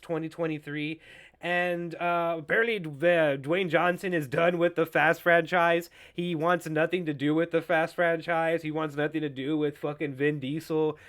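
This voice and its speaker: A young man with a fairly high voice hosts a casual solo pop culture podcast. He rants with heavy swearing, and his tone is sarcastic and mocking. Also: smooth. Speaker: podcast host.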